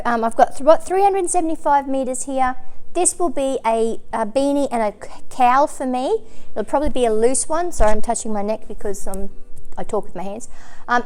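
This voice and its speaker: A woman's voice: fairly high pitch, a little mellow, smooth. A woman hosting a crochet and knitting channel, chatting casually to camera in a rambling way, with frequent ums and self-corrections.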